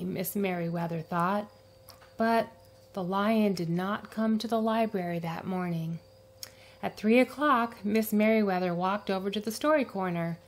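A woman reading a children's picture book aloud, with gentle narration and voices for the characters. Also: mid-range voice. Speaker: storyteller.

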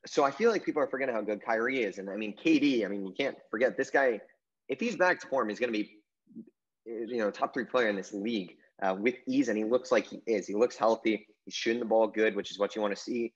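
A man with a lowish voice rattles off sports opinions at a quick clip as co-host of a casual podcast. He rambles and leans on fillers. The recording sounds dull and lo-fi. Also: husky. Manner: rambling, heavy on "I mean" and "you know" fillers.

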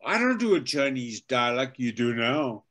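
An older man, a veteran voice actor and teacher, telling animated anecdotes as an interview guest. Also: mid-range voice, normal speed. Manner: animated anecdotes, acts out quotes. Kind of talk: casual interview storytelling.

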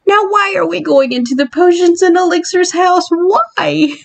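A woman casually narrating a video game island tour, giggly and excitable, with playful squeals of mock fright and laughter at her own jokes. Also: very high-pitched, moderate pace, gravelly. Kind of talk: casual gameplay commentary.

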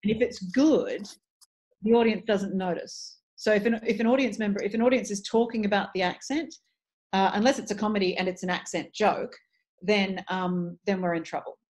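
An articulate middle-aged Australian woman chatting about her craft as a dialect coach. She speaks at an everyday pitch, animated and thoughtful, often circling back and restarting phrases as she works out her point. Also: moderate pace. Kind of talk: casual interview chat.

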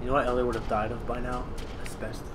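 A man's voice: mid-range voice, completely flat delivery, fast, background noise. A young man co-hosting a let's play, chatting casually with wry, sweary remarks and laughing along. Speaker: co-host. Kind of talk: casual gaming commentary.

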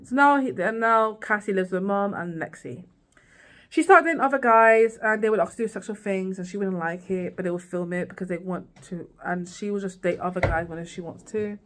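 A woman's voice: mid-range voice, fairly quick. A woman vlogging a casual, rambling recap of a TV series, full of "like" and "girl" asides.

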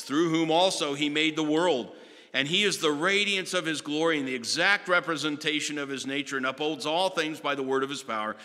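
Impassioned male pastor, bright voice, echoing sanctuary. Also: medium pitch. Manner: impassioned, swinging from hushed to loud with slow emphatic phrases. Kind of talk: sermon. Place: church sanctuary. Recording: long reverb of a church sanctuary.

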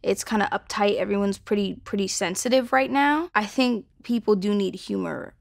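A woman's voice: medium pitch, normal speed, creaky, no room sound, studio quality. A woman in her twenties, a singer talking casually about her song, loose and slangy with lots of "like" and swearing. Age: 20s. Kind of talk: casual talk to camera.

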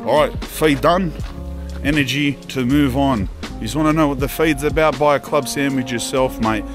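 A man's voice: medium pitch, normal speed, music in the background. An Australian man vlogging casually as he walks around town and into shops, joking and swearing freely. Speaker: travel vlogger. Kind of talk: casual travel vlog.

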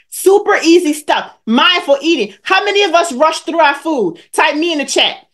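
A woman's voice: high voice, a bit bright. A woman over forty coaching viewers on a live stream, emphatic and preachy, repeating her points and calling out people in the chat by name. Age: 40s or older. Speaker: weight-loss coach hosting a live stream.

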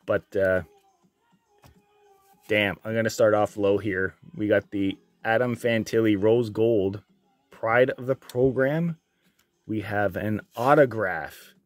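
A man opening trading card packs on his channel, reading out each card and getting loudly excited and swearing at the big pulls. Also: on the low side, slow pace, no room sound, soft background music. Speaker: card breaker. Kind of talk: casual card-opening vlog.

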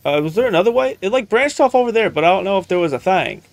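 A gaming streamer chats casually and exclaims at the on-screen action during let's-play commentary, putting on a playful country accent. His voice is high-pitched, gravelly, lively in intonation and fast.

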